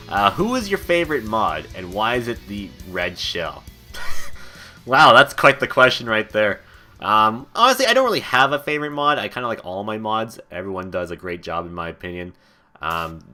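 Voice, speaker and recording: A young man chats casually as he answers viewer questions on his stream podcast, rambling and laughing between thoughts. His voice sits on the low side yet sounds bright and pushed forward. Soft music plays faintly underneath. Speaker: streamer hosting a channel podcast.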